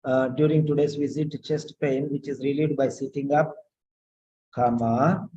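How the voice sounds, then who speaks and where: A man tutoring nursing students, correcting a written letter aloud, slow and repetitive, often asking pointed questions. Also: mid-range voice, little pitch movement, dark tone, highs cut off.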